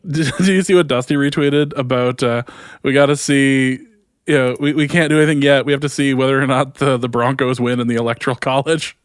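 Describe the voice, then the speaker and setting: A man's voice: medium pitch, fairly even intonation, brisk, clean tone, dry recording, studio quality. A man co-hosting a podcast, chatting casually and joking, laughing often and slipping into goofy put-on voices. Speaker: podcast co-host. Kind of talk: casual comedic chat.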